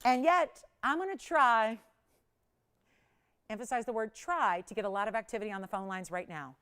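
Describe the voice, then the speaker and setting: A woman hosting a live TV jewelry shopping show, chatty and animated, laughing often and counting prices down. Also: medium pitch, quick pace, clean tone. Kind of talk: live TV sales pitch. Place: TV shopping studio.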